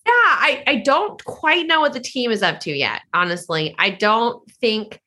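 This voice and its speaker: A woman broadcaster chats easily as a podcast guest, with a bright, forward tone. She rambles a little and leans on "like" as she talks. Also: a little high, lively intonation, measured pace. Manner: chatty, lots of "like" fillers. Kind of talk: casual podcast interview.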